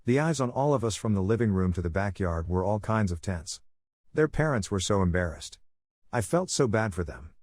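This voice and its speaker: Guy reading a reddit story out loud, lowish voice, super dry close sound. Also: moderate pace, no room sound. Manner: steady first-person storytelling. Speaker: story narrator. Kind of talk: scripted narration of a reddit story.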